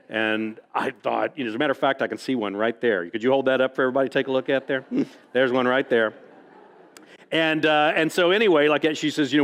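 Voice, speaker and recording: A man's voice: medium pitch, quick pace. A man from the United States telling folksy stories to an audience, with frequent "like that" asides. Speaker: author speaking to an audience. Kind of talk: storytelling talk. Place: library event hall. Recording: long reverb from a hall.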